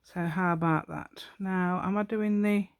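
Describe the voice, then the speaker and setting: A woman's voice: fairly low pitch, steady tone, unhurried, no room sound, studio quality. A woman hosting a step-by-step craft tutorial, chatting to herself and the viewer with rambling, giggly asides. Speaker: craft channel host.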